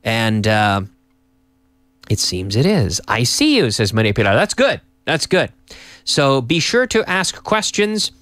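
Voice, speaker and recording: A man hosting a live lesson, upbeat and teacherly, repeating phrases slowly for learners. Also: mid-range voice, big pitch swings, fairly bright tone, no echo. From Canada. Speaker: English teacher and host. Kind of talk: live-streamed English lesson.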